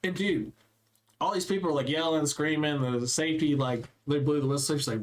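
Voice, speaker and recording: A young man co-hosting a casual podcast chat, telling stories with lively acted-out quotes. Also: fairly high pitch, brisk. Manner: animated storyteller acting out quotes. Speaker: podcast co-host.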